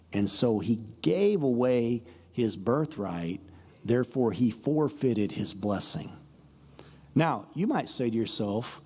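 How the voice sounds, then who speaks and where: A man's voice: mid-range voice, warm tone, breathy edge, big-room sound. A male pastor giving a sermon in a blunt, emphatic, conversational preaching manner. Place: church sanctuary.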